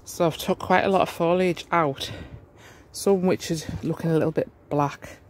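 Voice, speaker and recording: A home gardener, chatting casually through a vlog walkthrough inside a warm polytunnel, with frequent amazed exclamations. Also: mid-range voice, steady tone, moderate pace, over music.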